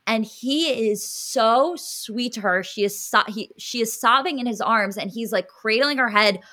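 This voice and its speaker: A woman's voice: a little high, a little slow, sharp tone. A young woman co-hosting a podcast, telling a story in a casual, emotional, rambling way with many fillers. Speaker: podcast co-host. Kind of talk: casual chat.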